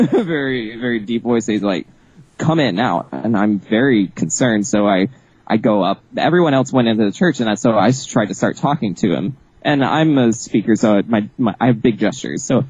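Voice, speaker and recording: A man, the author being interviewed, telling a story in a casual, animated way, laughing often and restarting his sentences. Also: medium pitch, breathy edge, dry recording, highs cut off. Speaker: author guest.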